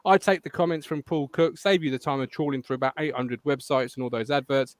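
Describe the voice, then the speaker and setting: A man hosting a casual football podcast, chatty and quick to laugh, reading out viewer comments. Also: mid-range voice, steady tone, no echo. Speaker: podcast host. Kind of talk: casual live-stream chat.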